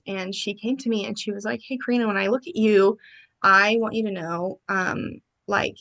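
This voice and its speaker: A woman guest on a podcast, telling her own story with animated energy. She jumps into quoted lines from friends in quick, lively bursts, at a pitch of middling height for a woman. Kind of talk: personal storytelling in a podcast interview.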